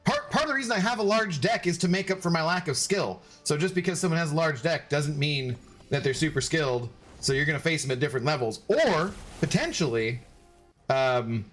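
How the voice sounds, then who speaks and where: A man streaming a video game, chatting casually with viewers in a halting, rambling way with many restarts. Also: a little high, lively intonation, a bit bright, faint music behind. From Washington State, United States. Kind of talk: casual gaming stream chat.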